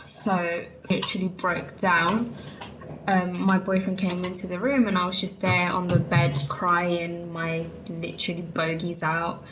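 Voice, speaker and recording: A woman's voice: lowish voice, level tone, unhurried, background noise. A young woman from England, chatting candidly to viewers and saying "like" and "literally" a lot. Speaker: vlogger. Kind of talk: casual chat.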